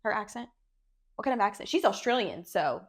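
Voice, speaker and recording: A woman's voice: mid-range voice, big pitch swings, fairly quick, husky. A young woman co-hosting a podcast, teasing her friend and telling stories in casual chat, swearing freely. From Japan. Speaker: podcast co-host.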